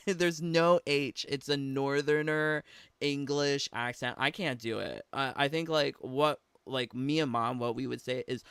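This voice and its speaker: Slow, giggly man reacting to clips. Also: medium pitch, a bit bright, smooth, dry recording. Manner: giggly, sweary, rambling asides. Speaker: reaction video host. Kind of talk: casual reaction commentary.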